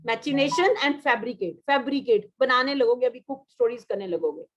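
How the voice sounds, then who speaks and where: A woman's voice: on the high side, animated, highs cut off. Indian woman teacher drilling vocabulary. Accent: Indian English. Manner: switches into Hindi mid-sentence, drills words, quick praise. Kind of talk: online vocabulary class.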